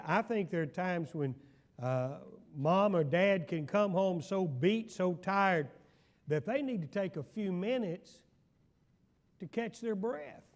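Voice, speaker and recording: An older man, a pastor teaching a Bible study in a folksy storytelling way, now and then asking his listeners if they follow. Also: high voice. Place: church hall.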